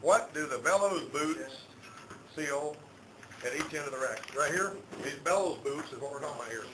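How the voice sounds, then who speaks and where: A male auto instructor with a slightly high voice teaches a class at moderate speed, asking students questions and repeating terms until they stick. The sound, captured by a distant camera in an auto shop classroom, is echoey and full of loud background noise.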